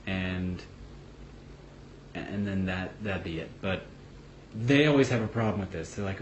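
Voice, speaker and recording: A man's voice: on the low side, a little slow, pauses often. A man talking casually to camera in a vlog, blunt and swearing, with lots of fillers and restarts. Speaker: vlogger. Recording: echoey room with faint background noise.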